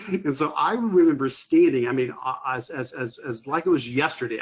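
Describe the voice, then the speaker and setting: A man who is a teacher telling a classroom story in a lively way, acting out his own past thoughts. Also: mid-range voice, husky. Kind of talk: storytelling presentation.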